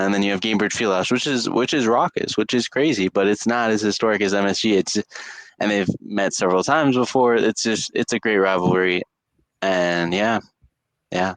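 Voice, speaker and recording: A man's voice: on the low side, no room sound. A young man co-hosting a casual sports podcast, rambling with lots of fillers and restarts. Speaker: podcast co-host.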